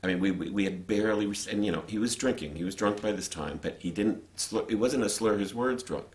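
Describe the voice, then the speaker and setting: A middle-aged man with a very low voice talks casually over old family footage. He speaks in a relaxed, chatty way, restarting sentences as he goes. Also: brisk. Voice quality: conversational, with restarts and laughs. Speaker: narrator of family film. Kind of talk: casual commentary over home video.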